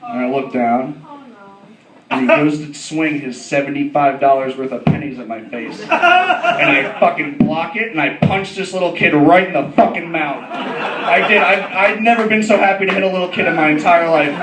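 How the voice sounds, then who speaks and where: A man's voice: on the high side, animated, normal speed. A man doing a stand-up comedy set, brash and profane, laughing through his lines. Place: comedy club. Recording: echoey club, distant mic, loud crowd.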